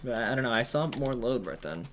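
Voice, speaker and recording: A man's voice: mid-range voice, lively intonation, fast talker, fairly bright tone, a little hiss or hum. Rambling man commentating gameplay. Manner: rambling, thinking aloud with many ums.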